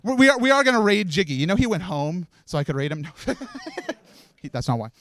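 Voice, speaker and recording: This high-sitting, very animated male voice talks fast with a fairly bright tone, and the recording has no room sound. He is the host handing out awards at a live charity event, rambling nervously and laughing as he gives an emotional speech in a live stream event room, faint music behind him.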